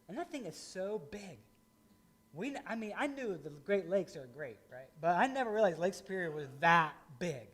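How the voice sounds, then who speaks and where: A middle-aged man from rural Indiana giving a conversational, folksy sermon as pastor. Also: sits high.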